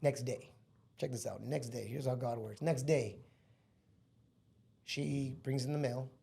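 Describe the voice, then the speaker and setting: A man telling a personal story as a podcast guest, in an excitable, casual way full of slang. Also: medium pitch, measured pace, creaky.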